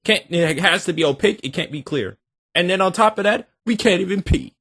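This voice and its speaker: A man hosting a reaction video, talking in animated, joking, slangy banter. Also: high voice, brisk, breathy edge, no room sound. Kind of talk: casual reaction commentary.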